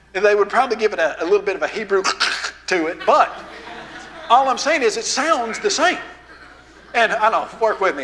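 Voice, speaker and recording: A man with a Southern drawl giving a lively, folksy lesson to a youth rally in a church, quizzing the crowd as he goes. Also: sits high, big-room sound. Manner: asks the crowd questions, folksy and animated. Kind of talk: lively teaching talk to teens. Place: church hall, live audience.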